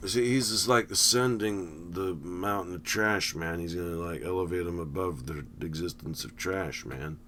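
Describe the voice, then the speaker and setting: A man's voice: low voice, normal speed, hardly any pauses, fairly bright tone, slight background noise. A man talking casually over a film, rambling with wry, sarcastic asides. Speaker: movie commentator. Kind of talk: casual running movie commentary.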